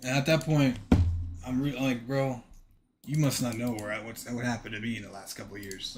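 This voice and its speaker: Male streamer, casual story, profane, acts out quotes, mid pitch, soft typing behind. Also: a little fast, a little hiss or hum. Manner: animated, swears, acts out dialogue in quotes.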